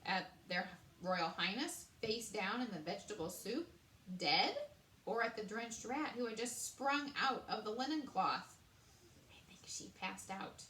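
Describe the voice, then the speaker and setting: A woman reading a children's story aloud in an animated way, adding chatty asides to her listeners, in a roomy space. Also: medium pitch, unhurried, a little hiss or hum. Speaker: storybook reader. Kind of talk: read-aloud narration with commentary. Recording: roomy echo.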